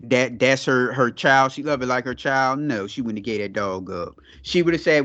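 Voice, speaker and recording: A man's voice: mid-range voice, moderate pace, hardly any pauses, fairly bright tone, highs cut off. A man co-hosting a podcast, chatting casually with slangy, laugh-filled storytelling. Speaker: podcast co-host. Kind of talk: casual chat.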